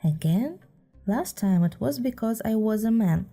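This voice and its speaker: A woman's voice: a little high, animated, unhurried, dark tone, faint music behind. A woman reading aloud voices a proud wild boy raised by wolves, speaking in a commanding, scornful way.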